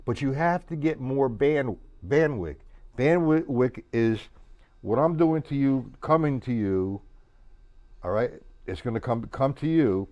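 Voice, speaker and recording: A man's voice: mid-range voice, lively intonation, measured pace, muffled recording. A man teaching a drum lesson, casual and repetitive, counting beats aloud as he plays. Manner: casual, repeats words, counts beats aloud while playing. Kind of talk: live-streamed drum lesson. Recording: drums loud behind the voice. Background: drum kit playing.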